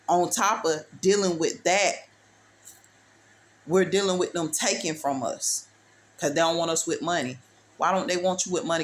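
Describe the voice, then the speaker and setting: A woman giving a preachy motivational testimony. She talks emphatically and repeats herself, calls the listener baby and uses street-talk phrasing. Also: fairly low pitch. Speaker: speaker sharing testimony.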